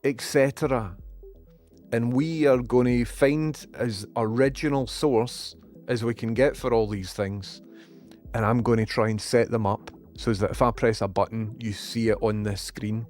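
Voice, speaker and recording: A Scottish man with a mid-range voice hosts a relaxed livestream at an unhurried pace, with faint music in the background. He chats loosely and excitably, swears freely, and reads viewers' messages aloud.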